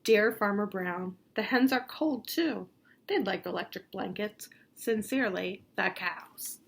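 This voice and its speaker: A woman's voice: medium pitch, a little slow, creaky. A woman voicing polite but demanding cows as they write letters in a storybook, read in a prim, formal voice.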